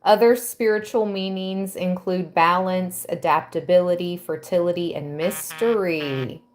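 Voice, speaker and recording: A woman giving a tarot reading to her viewers, reading aloud and musing with soft exclamations. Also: on the low side, unhurried. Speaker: tarot reader.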